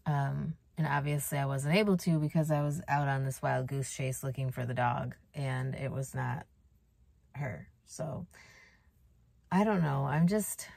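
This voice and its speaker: Young woman vlogger, low voice, worried and rambling, close dry sound. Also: vocal fry, a little mellow, dry recording. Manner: worried, rambling, many fillers and restarts. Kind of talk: casual confessional vlog.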